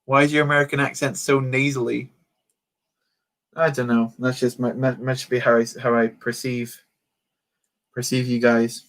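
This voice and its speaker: A man's voice: mid-range voice, level tone, normal speed, long pauses, fairly bright tone. A man chatting casually on a livestream while building a toy set, joking and poking fun at himself. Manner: chatty, joking, self-mocking.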